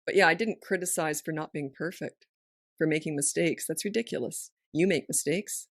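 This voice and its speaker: Woman podcast host, middle-aged, frank and lively, dry studio sound. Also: low-pitched, no echo. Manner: frank, lively storytelling with quick asides. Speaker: parenting coach and podcast host. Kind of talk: casual podcast chat.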